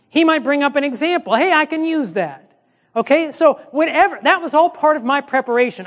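A male pastor with a notably high-pitched voice teaches in a relaxed, conversational way, slipping into quoted back-and-forth exchanges to make his points. His voice rings out with a long reverb, as if he were speaking in a large hall. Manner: conversational, acts out quoted dialogue. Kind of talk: teaching seminar talk.

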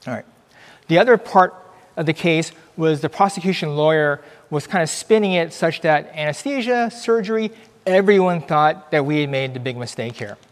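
Man, middle-aged, church talk, earnest storyteller, fairly high voice, echoing hall. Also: normal speed. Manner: earnest, conversational, animated storytelling. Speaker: physician giving a church talk. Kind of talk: church presentation, personal testimony.

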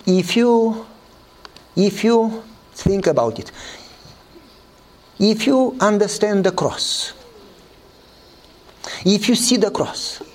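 A man preaching a sermon, telling a story and acting out the dialogue with lively voices. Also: slow pace, pauses often. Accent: Eastern European. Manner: animated storytelling, acts out dialogue in a higher voice.

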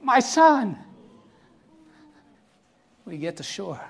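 A middle-aged man preaching in a fairly high voice. He tells the story animatedly, acting out each voice in the quotes. He keeps turning to the listeners to ask if they are following him. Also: sing-song, extremely slow, vocal fry, a little hiss or hum. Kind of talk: sermon storytelling.

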